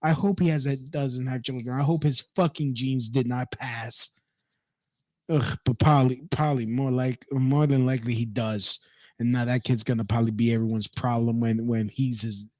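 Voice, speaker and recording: An online commentator with a medium-pitched voice reads a news story aloud and rants about it, profane and indignant, stopping to mock the people involved. There's no echo on the recording.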